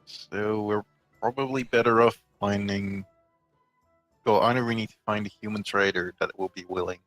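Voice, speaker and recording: A man with a lowish voice chats casually as a tabletop player, thinking out loud as he goes. The sound is dry and close, with faint music beneath him. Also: fairly even intonation, normal speed, no echo. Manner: thinking aloud, rambling.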